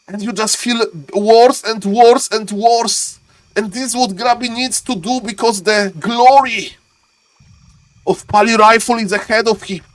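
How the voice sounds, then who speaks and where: A man casting a strategy game match, swinging from calm talk to frantic repeated shouting. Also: high voice, a little slow. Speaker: game caster. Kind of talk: excited esports commentary.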